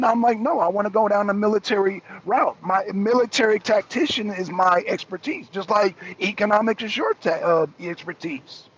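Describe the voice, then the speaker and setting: A middle-aged American talk show host runs a political live stream in a high voice with a slight hiss or hum. He argues with viewers in the chat, addressing them by name and repeating his points, over dull lo-fi stream audio.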